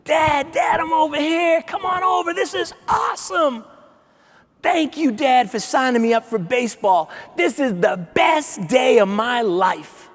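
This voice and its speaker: A high, gleeful eight-year-old boy bursting with joy, as a man puts him on. He shouts in quick, excited bursts, and each word rings out with a long reverb off a large hall. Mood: overjoyed. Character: eight-year-old boy, cheerful ballplayer, wildly enthusiastic.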